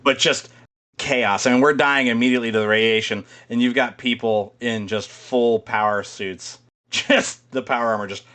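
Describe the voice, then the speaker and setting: A man's voice: mid-range voice, fairly even intonation, moderate pace, bright, forceful tone. A man co-hosting a podcast in casual chat, rambling, swearing freely and laughing often. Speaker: podcast co-host.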